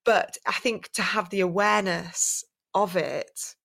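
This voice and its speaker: A woman's voice: medium pitch, fairly even intonation, a little slow, vocal fry, fairly bright tone. A woman hosting a podcast interview, talking in a reassuring, conversational way. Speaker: podcast host.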